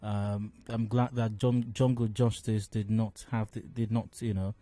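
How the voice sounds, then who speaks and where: A man with a Nigerian accent giving radio commentary as a talk show host, measured and full of fillers and restarts. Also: lowish voice, level tone, warm tone, no echo. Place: radio studio.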